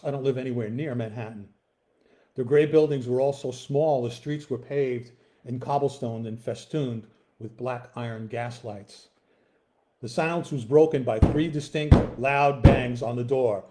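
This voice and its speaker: A man reading aloud from his own first-person novel, relaxed and easygoing. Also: medium pitch. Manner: relaxed, with fillers in the intro.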